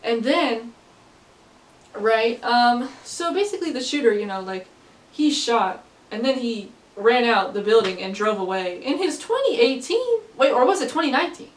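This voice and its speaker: A woman's voice: fairly high pitch, animated, normal speed. Chatty young woman, echoey room. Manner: rambling, many fillers, laughs often. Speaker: vlogger. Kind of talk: casual storytelling to camera. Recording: echoey room, distant from mic.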